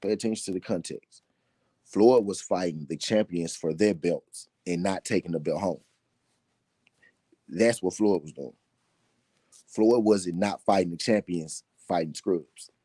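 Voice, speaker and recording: Man, very low voice, husky, casual boxing commentary, emphatic. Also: warm tone, no room sound. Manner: emphatic, repeats points slowly for effect. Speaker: boxing talk show host.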